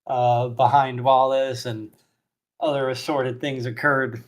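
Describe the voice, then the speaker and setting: A man's voice: medium pitch, level tone, takes it slowly. Casual male game master. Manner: casual, hesitant with fillers. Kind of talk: narrating a tabletop game.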